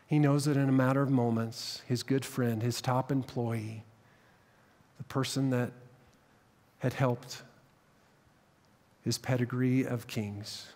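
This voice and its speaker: A man preaching a sermon, telling the story dramatically and dropping to hushed tones at tense moments. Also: mid-range voice. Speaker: pastor. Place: church sanctuary. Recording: long reverb of a church hall.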